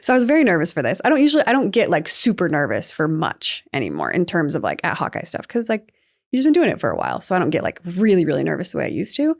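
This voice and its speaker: A young adult woman co-hosting a sports podcast, telling stories in a chatty, animated way with lots of fillers. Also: lowish voice, fast, gravelly. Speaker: podcast co-host. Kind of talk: casual sports chat.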